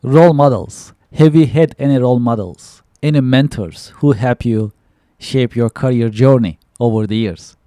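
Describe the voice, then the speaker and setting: A man's voice: mid-range voice, moderate pace, dark tone, no echo, studio quality. A man hosting a podcast interview, reading out questions and giving short laughs. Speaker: podcast host.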